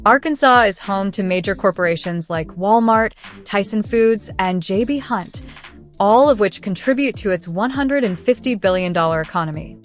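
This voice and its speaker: A woman giving scripted documentary-style narration for a fact countdown, in a smooth, evenly paced read with no fillers. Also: medium pitch, moderate pace, soft background music.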